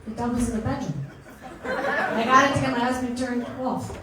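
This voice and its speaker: This middle-aged comic's voice is a little high, with fairly even intonation and a moderate pace. She performs brash, self-mocking stand-up in an echoey comedy club, crowd noise and laughter all around.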